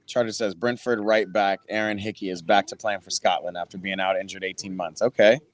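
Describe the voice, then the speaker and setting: A man's voice: deep voice, fairly even intonation, a little fast. A man hosting a casual football watch-party stream, loose and chatty, swearing now and then and talking straight to his viewers. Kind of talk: casual live-stream chat. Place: backyard, later indoors.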